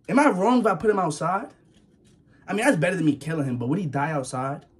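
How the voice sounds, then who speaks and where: A young man talking to his viewers in a casual vlog, nervous and rambling, with a slightly husky voice. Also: fairly high pitch, expressive, fast. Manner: nervous, jumpy, rambling, slangy, yelps and laughs. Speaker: vlogger.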